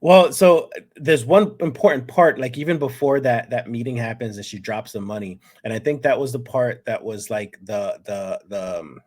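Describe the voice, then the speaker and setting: A man co-hosting a casual TV review chat, talking in halting restarts and acting out quotes from the show. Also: mid-range voice, a little mellow. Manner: rambling, halting with many restarts, acts out quotes. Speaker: contributing writer, co-host.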